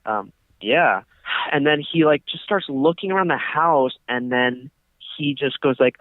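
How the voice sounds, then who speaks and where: A man's voice: medium pitch, measured pace, dry recording. A young man co-hosting a podcast, telling a long story in casual chat with many fillers, over a tinny phone line. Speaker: podcast co-host.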